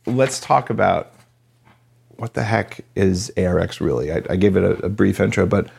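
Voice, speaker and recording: A man's voice: sits low, creaky, a little mellow, breathy edge. A man from New Mexico hosting a podcast interview in a casual, joking, rambling way. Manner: chatty, joking, fast-rambling. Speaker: podcast host. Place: home podcast studio.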